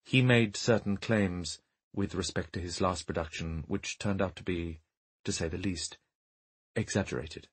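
A man voicing a courteous male mourner who speaks in a careful, measured, formal way. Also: low voice, breathy edge. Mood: guarded.

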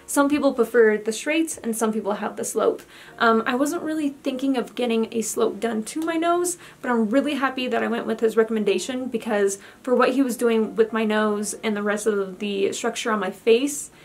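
A woman's voice: fairly high pitch, moderate pace. A young woman giving a casual vlog update, chatty and candid with lots of fillers, a little out of breath. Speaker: vlogger.

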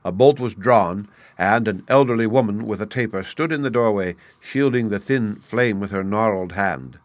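A man narrating a classic story aloud in a steady, clear storytelling manner. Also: on the low side, normal speed, dry recording.

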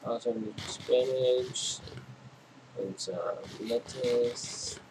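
Hoarse man rambling over gameplay. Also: medium pitch, steady tone, drawn-out words, background noise. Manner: rambling, talks to himself while playing. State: losing his voice. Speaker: gaming channel host. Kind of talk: casual gameplay commentary.

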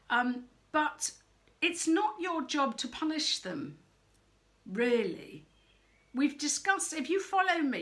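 Frank, animated woman parenting coach. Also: fairly high pitch. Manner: frank and animated, acts out quoted voices. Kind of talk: direct-to-camera advice talk.

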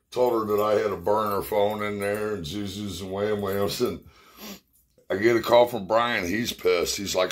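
A middle-aged man with a very low voice spins rambling, cuss-heavy stories from his past. He sounds a little short of breath as he talks, in a loose, casual way. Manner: profane, rambling storyteller. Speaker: storyteller. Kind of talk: casual spoken memories.

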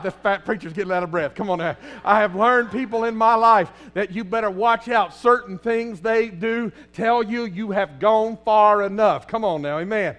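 A man with a Southern US accent preaching a fervent sermon as pastor in a church, often rising to a shout. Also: sits high, normal speed, few pauses. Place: church sanctuary.

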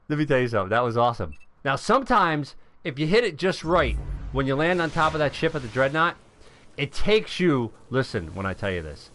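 A middle-aged man from New York giving excitable live gameplay commentary, calling out to viewers and shouting when things go his way. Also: on the high side, moderate pace, a little hiss or hum. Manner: excitable, shouts at wins, talks to viewers as folks. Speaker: gaming live streamer.

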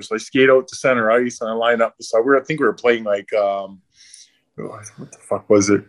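A middle-aged man, a podcast guest, telling profane, animated stories about his hockey days in a casual way. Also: medium pitch, a little fast. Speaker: podcast guest, former pro hockey enforcer. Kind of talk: casual storytelling.

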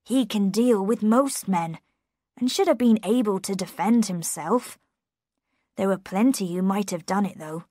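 A woman reading a rough, kindly coachman in an audiobook, steady and soothing. She speaks at a slow, unhurried pace with a dry, close sound. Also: mid-range voice, no room sound, close to an everyday voice. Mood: grave.

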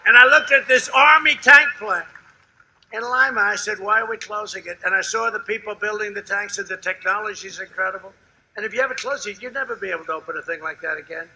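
An older man addresses a rally in a very bright, brassy voice that sits fairly high for a man. He brags and repeats himself, rambling from point to point. He swings from shouted lines to low, confiding asides. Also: quick pace, rough recording. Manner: boastful, rambling, repetitive, shifts between loud shouting and hushed asides. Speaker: politician at a campaign rally. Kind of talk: rally speech. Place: outdoor rally before a large crowd.

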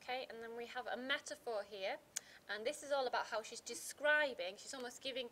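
A woman teacher talks through a poem in a loose, unscripted revision chat. Her voice sits a little high, and she stops often with ums and false starts. A faint hiss runs underneath. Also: brisk, sharp tone. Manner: hesitant, many fillers and restarts.

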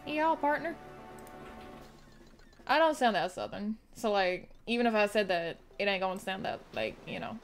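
A woman's voice: mid-range voice, a little fast, hardly any pauses. A woman streamer giving casual, profanity-laced commentary while playing a video game. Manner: swearing, animated and reactive. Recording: faint music behind.

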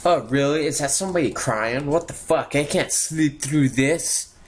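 A young man giving casual, sarcastic commentary while playing a game, swearing often and reacting out loud. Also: a little high, moderate pace, a little hiss or hum. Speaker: gaming YouTuber. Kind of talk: casual let's-play commentary.

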